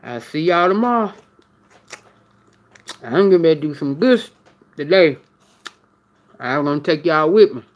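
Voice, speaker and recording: A woman's voice: low voice, lively intonation, measured pace, long pauses, lo-fi sound. A woman vlogging in a casual live stream while eating, chatting straight to her viewers.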